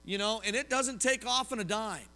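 With a smooth, bright, high-pitched voice, an Oklahoma pastor speaks at a normal speed through a lively sermon. Personal stories and questions to the listeners fill it, and a long reverb suggests a large church sanctuary.

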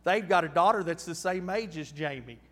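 A man in his fifties preaching a storytelling sermon, folksy and animated, with frequent restarts. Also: fairly high pitch, normal speed, long reverb tail. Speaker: pastor.

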